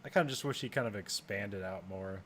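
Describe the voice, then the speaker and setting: A man's voice: on the low side, a little fast, a bit bright. A man co-hosting a podcast, telling stories in a laughing, irreverent way. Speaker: podcast co-host. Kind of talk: casual chat.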